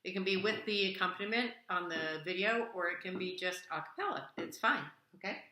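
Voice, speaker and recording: A woman's voice: fairly low pitch, fairly quick. A woman voice teacher giving a singing lesson over video, coaxing her student with pet names and sung demonstrations. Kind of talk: online singing lesson, demonstrating vocal exercises. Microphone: camera framed at chest height. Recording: echoey room with loud piano.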